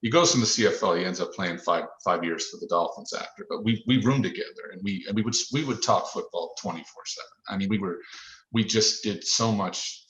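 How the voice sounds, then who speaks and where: A man's voice: on the low side, fairly quick, a bit bright, roomy sound, poor audio. A man in his fifties from Nova Scotia, a former football player telling stories in a podcast interview, rambling with many restarts and fillers. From Nova Scotia, Canada. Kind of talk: reflective storytelling in a podcast interview.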